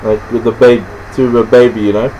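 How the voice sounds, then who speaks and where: This is an Australian man with an ordinary mid-range voice, explaining things off the cuff. He halts often, restarting sentences and filling pauses as he goes. His talk stays loose and rambling, never scripted. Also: mid-range voice, flat delivery, mellow, highs cut off, a little hiss or hum. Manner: halting, rambling, many restarts and fillers. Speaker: presenter explaining slang. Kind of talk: casual unscripted explanation to camera.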